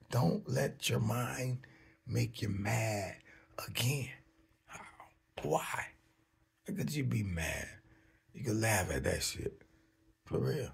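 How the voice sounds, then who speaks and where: A man hosting a livestream, talking off the cuff in a profane, animated monologue that swings between loud outbursts and low mutters. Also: gravelly, husky. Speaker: livestream host.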